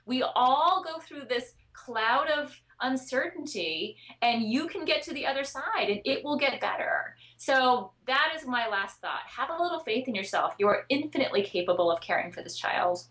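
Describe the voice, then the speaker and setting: A woman's voice: high-pitched, lively intonation, normal speed, few pauses, fairly bright tone. A woman speaking as a guest expert in a podcast interview, earnest and chatty, with frequent fillers and restarts. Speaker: guest expert on child sleep.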